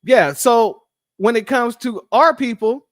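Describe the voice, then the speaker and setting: A man's voice: very high voice, slow, dry recording, studio quality. A man hosting a casual political commentary show, emphatic and talking straight to his viewers as family.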